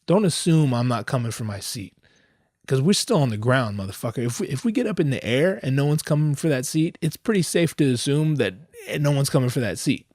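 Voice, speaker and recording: A podcast host, a man, telling a comic story in a profane, animated rant, acting out the voices. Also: medium pitch, fairly quick, no echo, clean studio sound.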